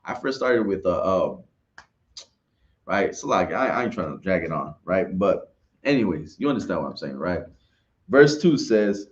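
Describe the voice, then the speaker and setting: A man's voice: low voice, sing-song, moderate pace, muffled recording. A man giving an informal religious class talk, rambling and repeating himself, often asking "right?". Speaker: class speaker.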